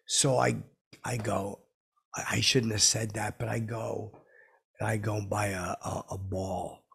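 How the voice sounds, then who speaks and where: A man's voice: lowish voice, level tone, unhurried, vocal fry, fairly bright tone, slightly rough. A man rambling through a comic story, stammering and repeating himself in a brash way. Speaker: comedy podcast host telling a story.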